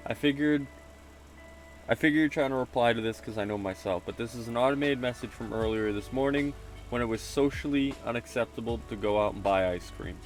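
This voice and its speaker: A man's voice: mid-range voice, brisk, soft background music. A male streamer chatting casually with viewers and greeting them, joking about himself. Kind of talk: casual livestream chat while reading a game aloud.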